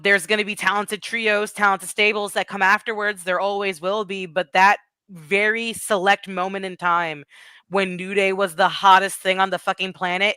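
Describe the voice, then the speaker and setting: A woman's voice: medium pitch, pushed and bright, clear, resonant tone, no echo. A woman guest on a wrestling podcast, chatting casually and gushing in a rambling way about her favorite moments. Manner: gushing, rambling fan talk. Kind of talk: casual chat.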